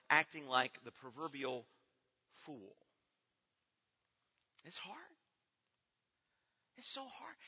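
A middle-aged man preaching a sermon as pastor, earnest, moving between hushed, slow passages and loud, pleading ones. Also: a little high. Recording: dull sound with long hall reverb.

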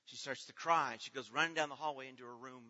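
A middle-aged man preaching a sermon as pastor, earnest, moving between hushed, slow passages and loud, pleading ones. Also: medium pitch, fairly even intonation. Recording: dull sound with long hall reverb.

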